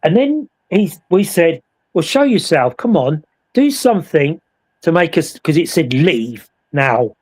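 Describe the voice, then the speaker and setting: A man with a fairly high speaking voice tells a spooky tale in a lively, chatty way. He slips into other voices as he retells what happened. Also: measured pace. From England. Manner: animated, acts out voices in his story. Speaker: paranormal investigator. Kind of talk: casual storytelling chat.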